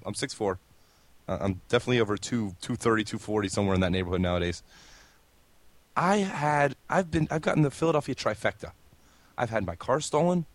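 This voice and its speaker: Male podcast co-host, blunt and profane, rapid talker, dry close-mic sound. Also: mid-range voice, no room sound. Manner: blunt, fast, profane, quick to laugh. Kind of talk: casual chat.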